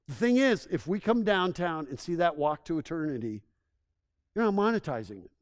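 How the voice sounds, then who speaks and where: High-voiced, enthusiastic male presenter. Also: clear, resonant tone. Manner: enthusiastic, conversational storytelling with frequent restarts. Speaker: tourism consultant presenting to a town. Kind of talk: public presentation.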